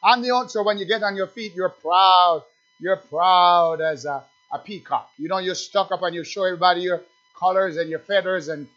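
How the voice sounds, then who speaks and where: High-voiced man preaching a fiery sermon. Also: steady tone, moderate pace, highs cut off. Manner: emphatic, repeats rhetorical questions, rises to near shouting.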